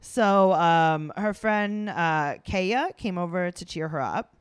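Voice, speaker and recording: A woman's voice: lowish voice, takes it slowly, clean tone, no echo. A woman co-hosting a casual chat, animatedly recapping a show and slipping into quotes. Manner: animated, breaks into quoted voices. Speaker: podcast co-host.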